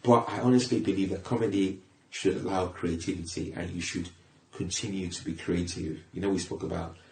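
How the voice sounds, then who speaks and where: 低く、かすれた声の中年男性. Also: male voice, low voice, brisk, echoey room. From England. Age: middle-aged. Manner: animated, repeats himself, sudden loud rises. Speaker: comedian guest. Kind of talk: casual podcast conversation.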